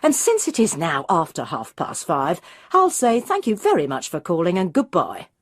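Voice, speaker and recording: A woman's voice: on the low side, animated, fairly quick, darkish tone, no echo, clean studio sound. A woman reading aloud, voicing an insolent, dismissive young female office receptionist.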